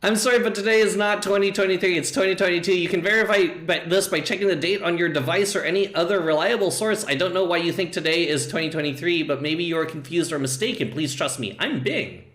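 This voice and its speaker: A man's voice: fast talker, few pauses, a bit bright, reverberant. A man reading aloud as a stubborn AI chatbot that insists it is right, in a stiff, insistent way. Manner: reads stiff, insistent replies, dropping low on sign-offs.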